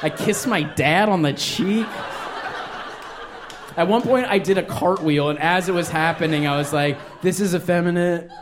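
A man's voice: sits high, normal speed, background noise. A man doing a stand-up comedy set on a club stage, telling a rambling, self-mocking story with lots of filler words, audience laughter behind him.

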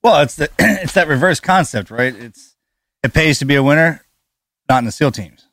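A man co-hosting a podcast, talking in a relaxed, reflective way and laughing easily. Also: on the high side, normal speed, no echo, studio quality. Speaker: podcast co-host. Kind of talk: casual conversational chat.

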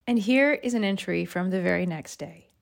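A woman's voice: medium pitch, moderate pace, gravelly. A woman in her forties, a podcast host, reads her old journal entries aloud and laughs at her younger self. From United States. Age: 40s.

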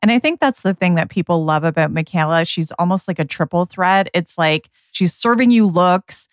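A woman co-host who talks in a gushing, lively way, with a lowish voice. She sometimes speeds up, and the recording is dry and close. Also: moderate pace, no room sound. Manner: enthusiastic, gushing, often says "like". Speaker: podcast co-host. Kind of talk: casual podcast chat.

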